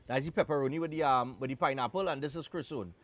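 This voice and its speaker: A man from Trinidad and Tobago with a Trinidadian accent hosts a live morning TV show, chatting and joking on air with loose Caribbean phrasing. His voice is mid-range and a bit bright, and he talks very fast.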